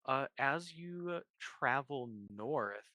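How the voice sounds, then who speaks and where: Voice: medium pitch, animated, extremely slow, bright, forceful tone, no echo. A game master narrating a tabletop session, hesitant with many fillers.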